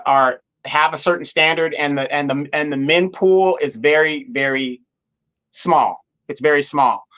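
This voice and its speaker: A man's voice: on the high side, fairly bright tone, lo-fi sound. A man giving firm opinions in a live online discussion, often repeating words as he starts a point. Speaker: guest commentator.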